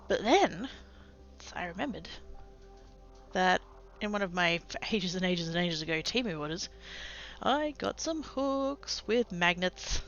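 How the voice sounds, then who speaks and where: A woman's voice: medium pitch, fairly bright tone, highs cut off. A woman chatting casually to her livestream chat while sorting craft supplies, self-mocking and rambling. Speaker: craft streamer.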